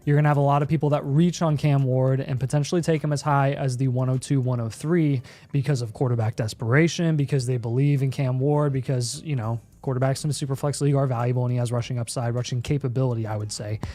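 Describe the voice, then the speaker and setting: A young man co-hosting a casual live stream, rambling through fantasy football draft analysis, often repeating words and clearing his throat. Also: mid-range voice, steady tone, fast, few pauses, dark tone.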